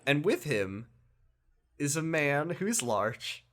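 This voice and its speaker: A man with a voice on the high side speaks slowly as he co-hosts a podcast. He casually retells a video game story, animated and laughing, acting out the characters' lines.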